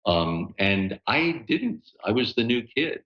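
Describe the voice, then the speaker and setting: A man in his sixties, a voice actor, telling stories in a relaxed interview with many fillers and laughs. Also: lowish voice, takes it slowly, highs cut off. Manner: animated, laughing storyteller with lots of fillers. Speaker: guest voice actor. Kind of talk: casual interview storytelling.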